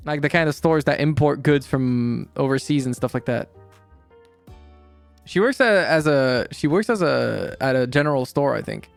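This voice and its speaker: A streamer chatting casually while playing a game, rambling, correcting themselves and swearing offhand. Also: mid-range voice.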